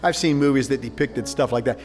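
A man preaching a conversational communion sermon, telling the story with animated asides. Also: mid-range voice, a little fast. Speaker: pastor. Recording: reverberant hall with faint music.

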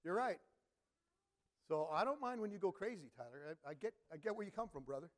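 A middle-aged man preaching a sermon as pastor, telling stories with bursts of shouting and imitated instrument sounds. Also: high-pitched, brisk. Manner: animated storytelling, sudden shouts and imitated organ sounds.

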